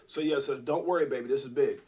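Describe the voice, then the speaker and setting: A middle-aged man hosting a live crypto stream, talking to his chat in an excitable, rambling way. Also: mid-range voice, quick pace, breathy edge. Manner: excitable, rambling, talks to chat and reads out posts. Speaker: crypto livestream host. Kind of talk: casual live commentary.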